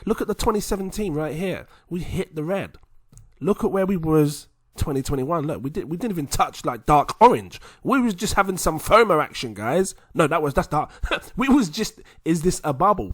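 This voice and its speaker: A man hosting a video, talking viewers through charts in a chatty, animated way. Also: fairly high pitch, a little fast, breathy edge, no room sound. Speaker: crypto video host. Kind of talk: casual chart commentary to viewers.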